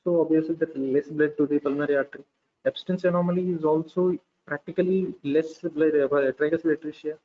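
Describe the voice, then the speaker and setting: A man's voice: a little high, steady tone. A man with an Indian English accent lectures students on medicine in a slightly raised voice. He explains step by step, dropping in "okay" and "uh" often. The recording is muffled and lo-fi. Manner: explains patiently with frequent "okay" and filler pauses. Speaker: pediatrics lecturer.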